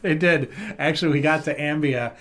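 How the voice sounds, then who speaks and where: A man's voice: a little high, brisk. A man hosting a podcast, chatting casually and telling stories with plenty of fillers and restarts. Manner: rambling, animated storytelling with fillers and laughs. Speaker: podcast host. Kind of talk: casual chat.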